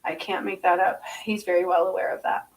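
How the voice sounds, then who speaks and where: Recorded from a distance in poor audio, a woman with a fairly low, level voice speaks briskly. With her eyes closed, she channels spirits in an intense, repetitive monologue, chanting strings of strange syllables and often asking listeners if they understand.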